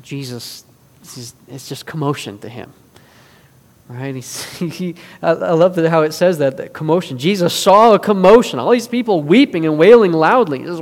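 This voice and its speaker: A man preaching a sermon in an earnest way, moving between forceful and hushed delivery. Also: fairly high pitch, expressive, normal speed. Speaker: pastor. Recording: long reverb of a large hall.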